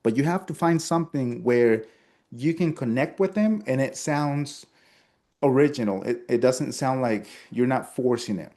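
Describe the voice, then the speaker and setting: A man's voice: mid-range voice, normal speed, mellow. Spanish-native man coaching sales calls. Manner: acts out upbeat customer small talk, restarts often. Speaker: sales trainer. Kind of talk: instructional talk with role-played sales lines.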